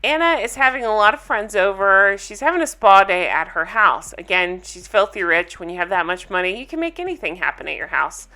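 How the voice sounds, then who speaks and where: Bright-voiced chatty woman vlogger. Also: medium pitch, fairly quick, hardly any pauses. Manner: chatty, opinionated, animated. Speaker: reality TV recap vlogger. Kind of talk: casual recap chat.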